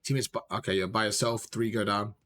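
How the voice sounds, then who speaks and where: A man coaching a player through gameplay footage, direct and animated, repeating his points and calling him bro. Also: on the low side, quick pace, faint music behind. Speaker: gaming coach.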